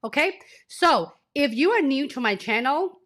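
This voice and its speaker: A woman's voice: high voice, animated, unhurried, fairly bright tone. Emotional woman career coach, under the weather. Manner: emotional, effusive, talks straight to the audience. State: sick, sniffly, tearful. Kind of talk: live-stream talk to viewers.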